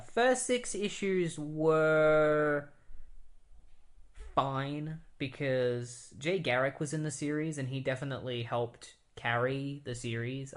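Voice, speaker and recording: A man's voice: mid-range voice, a bit bright. Casual man recapping a comic. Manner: casual, filler-heavy retelling. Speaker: podcast host.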